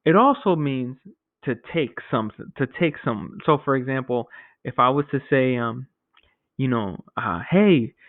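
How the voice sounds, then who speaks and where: A man teaching a Spanish vocabulary lesson to his class, explaining each word step by step and often checking with a quick "okay?". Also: medium pitch, animated, no room sound. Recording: tinny phone-like audio.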